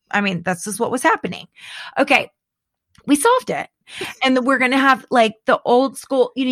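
A middle-aged woman in casual chat, animated and dramatic, laughing often. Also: a little high, no echo, clean studio sound.

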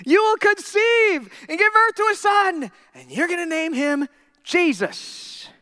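A man voicing a booming male angel who proclaims startling news, in a sermon. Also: expressive, unhurried, bright, forceful tone, dry recording, studio quality, heavily acted. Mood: proclaiming.

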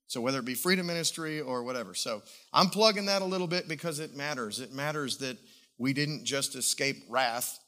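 A man preaching a sermon as a pastor, telling a personal testimony in an emotional, animated way. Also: medium pitch.

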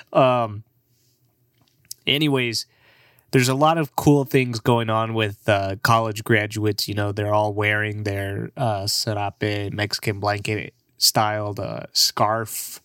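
A man's voice: lowish voice, fairly bright tone, dry recording, studio quality. A young man in his twenties, a comedian, rambling casually in a profane, laid-back way and laughing often.

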